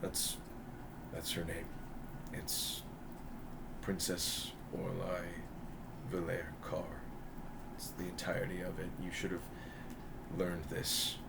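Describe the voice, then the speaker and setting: A man voicing a scheming noblewoman who coaxes and pleads with her son in a soft, wheedling way. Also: deep voice, monotone, slow, creaky, pauses often, heavy background noise, voice pushed down, exaggerated voice. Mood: lecturing. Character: scheming noblewoman mother, coaxing and controlling.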